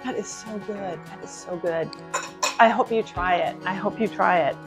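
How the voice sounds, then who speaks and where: A woman's voice: mid-range voice, normal speed. A woman talks through a home cooking video in a chatty, enthusiastic way, gushing over the food. Her voice sits in an ordinary middle range, with a little background music playing faintly. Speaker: cooking channel host. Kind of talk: casual cooking video chat.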